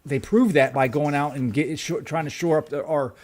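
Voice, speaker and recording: Man, sports podcast co-host, angry rant, heavy swearing, stumbling restarts, slightly high voice. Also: normal speed. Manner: ranting, profane, many restarts. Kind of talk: heated sports podcast chat.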